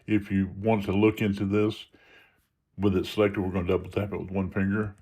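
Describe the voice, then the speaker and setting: A man's voice: low voice, level tone, brisk, warm tone, breathy edge. A man giving a casual tutorial on phone settings, explaining each step in an easygoing way with small restarts. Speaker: video creator demonstrating phone settings. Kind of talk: casual screen-reader tutorial.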